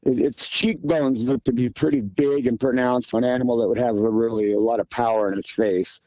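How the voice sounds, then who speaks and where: Plainspoken hunter with a mellow voice. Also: male voice, mid-range voice, brisk, no room sound, poor audio. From Pacific Northwest. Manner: plainspoken, repeats himself, many fillers. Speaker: guest, hunter describing a sighting. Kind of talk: casual interview answers.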